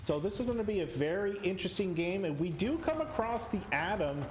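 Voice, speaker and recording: Excitable young male game caster, echoey. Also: sits high, fairly quick, slight background noise. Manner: excitable, stumbles over words. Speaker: esports caster. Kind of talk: live game commentary.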